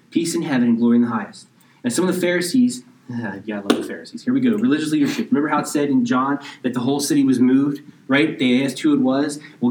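A man preaching a sermon, reading scripture slowly and explaining it in casual asides, now and then dropping almost to a whisper. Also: medium pitch, darkish tone, distant mic, slight background noise, rough recording. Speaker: pastor.

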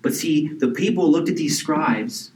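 A man's voice: a little high, expressive, a little slow, darkish tone, reverberant, recorded from a distance, low-quality recording. A male pastor preaching a sermon in a conversational way, asking the congregation questions and doing mocking impressions now and then. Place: church sanctuary.

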